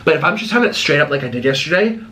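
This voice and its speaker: A man hosting an eating vlog at home, chatting casually while he eats, swinging between bubbly high exclamations and low mumbled asides. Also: lively intonation, racing, bright, forceful tone. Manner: chews and talks while eating. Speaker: mukbang host.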